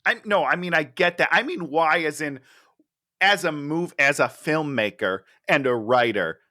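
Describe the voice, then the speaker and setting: Brief: sarcastic podcast co-host, animated delivery, bright tone. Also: mid-range voice, normal speed. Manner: sarcastic, exasperated jabs. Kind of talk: casual movie review chat.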